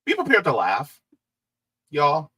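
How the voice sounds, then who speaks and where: A man's voice: on the high side, huge pitch swings, slow pace, bright, forceful tone, husky. A man giving mocking, sarcastic reaction commentary, leaning hard on key words.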